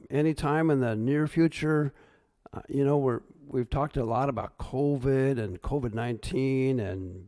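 A middle-aged pastor preaching a sermon, swinging between hushed, choked-up asides and raised, emphatic points. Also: male voice, mid-range voice, vocal fry. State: choked up at times.

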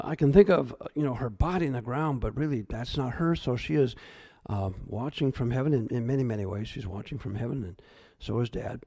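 A middle-aged pastor preaching a sermon, swinging between hushed, choked-up asides and raised, emphatic points. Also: male voice, mid-range voice, creaky, husky. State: choked up at times.

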